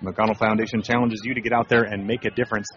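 A man calling baseball play-by-play for radio, relaxed and conversational, with asides between pitches. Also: fast, slight background noise. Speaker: play-by-play announcer. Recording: slightly muffled radio broadcast.

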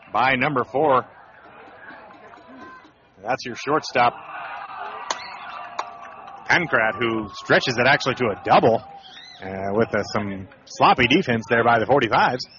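A male play-by-play announcer calls a baseball game for radio in an easygoing, chatty way, drifting into asides between pitches. His voice sits at an ordinary middle pitch. The broadcast sound is a little muffled, with faint noise underneath. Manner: relaxed, conversational calling with asides.

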